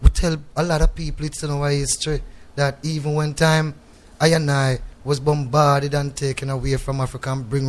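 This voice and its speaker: In a radio studio, a guest reggae artist from Jamaica speaks in thick patois, reflective and a touch preachy. His voice is somewhat high for a man, and he keeps drawing the listener in with "you know what I mean".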